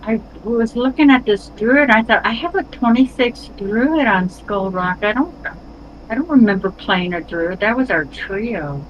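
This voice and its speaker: A woman's voice: fairly high pitch, expressive, highs cut off, a little hiss or hum. Chatty woman gaming streamer. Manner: chatty, halting restarts. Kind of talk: casual chat while gaming.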